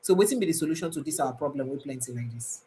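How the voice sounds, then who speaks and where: Low-voiced Nigerian woman host. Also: lively intonation, fast talker, warm tone, slightly rough. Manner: presses with questions, drops into Pidgin. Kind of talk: live talk show chat.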